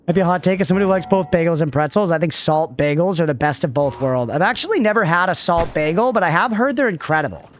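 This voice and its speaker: A man's voice: fairly high pitch, lively intonation, fast talker, hardly any pauses. A man in his thirties streaming a game, rambling casually, laughing often and swearing to chat. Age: 30s. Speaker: livestreamer. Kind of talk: casual gaming commentary to chat.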